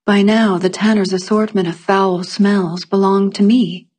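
A woman with a husky, slightly rough voice reads a first-person fantasy story aloud. Her delivery is calm and measured, in the manner of scripted fiction narration. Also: mid-range voice.

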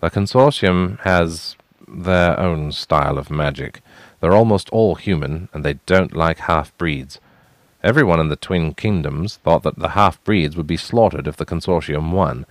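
A man's voice: low voice, normal speed, no echo, natural voice. A man voicing a weary but proud young royal half-brother, earnest as he explains.

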